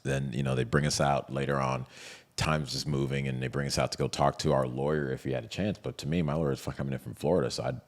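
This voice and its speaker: Very deep gravelly man telling a story. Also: fast talker. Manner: animated, retells scenes with quoted voices. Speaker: interview guest. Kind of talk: casual storytelling interview.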